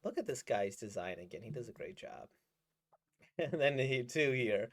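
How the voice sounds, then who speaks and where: A man's voice: medium pitch, big pitch swings, normal speed. A man giving casual, rambling commentary as he reacts to a manga he is reading, enthusiastic and laughing often.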